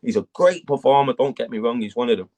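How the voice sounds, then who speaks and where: A man, a battle rap guest talking casually in an interview, telling animated stories and swearing a lot. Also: medium pitch, quick pace. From England. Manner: animated storytelling, heavy swearing.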